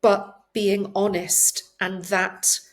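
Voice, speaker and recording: A woman's voice: medium pitch, flat delivery, drawn-out words. Woman doctor talking heartfelt and sincere, chatting from her sofa at home. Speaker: palliative care doctor, guest. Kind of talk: emotional conversational interview.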